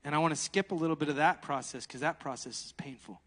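A man preaching a sermon, animated and laughing, swinging between loud exclamations and hushed asides. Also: fairly high pitch, quick pace, big-room sound.

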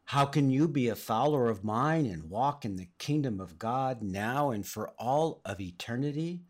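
A middle-aged man from Southern California delivers a sermon, weaving in a personal story. His speech is earnest, and his pitch rises and falls freely. He speaks at an average pitch for a man. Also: lively intonation, moderate pace. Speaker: preacher.

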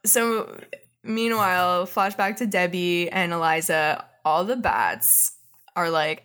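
A young woman co-hosting a podcast, recapping an episode in casual chat, animated and profane, laughing often. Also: mid-range voice, unhurried. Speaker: podcast co-host.

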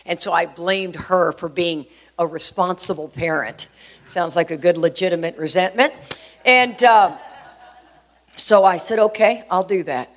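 A woman's voice: on the low side, unhurried. A middle-aged woman from Texas, sharing a personal recovery story in an earnest, conversational way with many fillers. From Houston, Texas.

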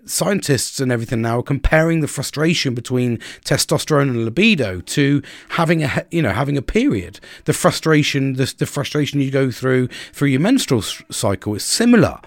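A man's voice: mid-range voice, sing-song, brisk, hardly any pauses, dry recording. A middle-aged man hosting a podcast, talking candidly and bluntly in a casual monologue, swearing often and repeating words as he starts sentences. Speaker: podcast host.

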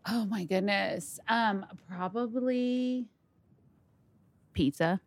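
A woman guest on a comedy podcast, speaking softly and hesitantly in casual chat. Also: medium pitch, extremely slow, dry recording.

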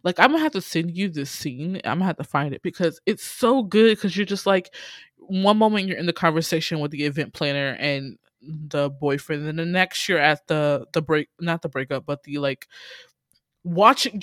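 Animated woman recapping a drama, dry sound. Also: moderate pace, dry recording. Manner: animated storyteller, acts out quotes with big pitch jumps. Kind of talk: casual chat recapping a drama series.

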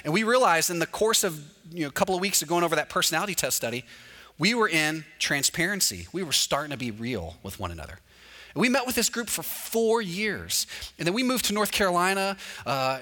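Bright-voiced man preaching in a big hall. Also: high-pitched. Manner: animated, acts out dialogue with humor. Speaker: pastor. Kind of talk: storytelling sermon. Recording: long reverb of a large hall.

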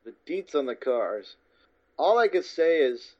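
A man's voice: a little high, very animated, measured pace. A man co-hosting a podcast, rambling through details and correcting himself as he goes. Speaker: podcast co-host. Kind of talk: casual chat. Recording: dull lo-fi with faint music.

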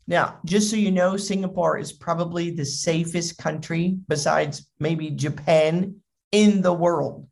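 A speaker giving a humorous talk on parenting, telling anecdotes in an animated way. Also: medium pitch, unhurried, creaky. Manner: animated storyteller.

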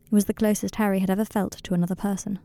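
A woman narrating a fan fiction story in a slow, quiet, intimate reading. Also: mid-range voice, little pitch movement, dry recording.

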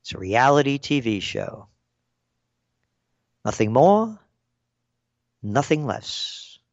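A man's voice: medium pitch, very animated, takes it slowly, creaky, dry recording. An older man giving an angry, sarcastic political rant as a commentator, punchy and blunt, in a dull, dry recording.

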